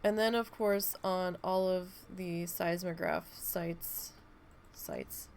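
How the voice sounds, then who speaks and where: A woman's voice: lowish voice, slow pace, darkish tone, slight background noise. A woman live-streaming a game, chatting casually and telling rambling stories with plenty of swearing. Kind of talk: casual live-stream chat while playing.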